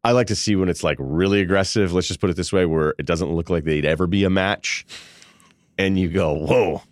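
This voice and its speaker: A man's voice: deep voice, brisk, dry recording. A male podcast host in his forties, telling a rambling, self-amused comic story in casual chat. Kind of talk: casual comedic monologue.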